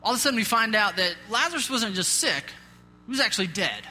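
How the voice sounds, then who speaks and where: A man delivers a conversational sermon in a high, piercingly bright voice, chatting with the congregation and poking fun at himself. His words ring out with a long reverb, as in a large hall. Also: lively intonation, quick pace, faint music behind. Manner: casual, chatty, self-deprecating asides. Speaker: pastor.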